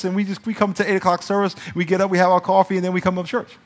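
A male pastor preaching a conversational sermon, shifting between soft, confiding passages and emphatic peaks. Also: high voice, fairly even intonation, racing, hardly any pauses. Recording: reverberant church hall sound.

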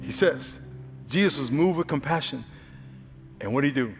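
A male pastor preaching a sermon, swinging from loud exclamations to hushed, earnest asides. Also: fairly high pitch, expressive, moderate pace. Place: large church hall. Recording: live sermon with hall reverb and faint music.

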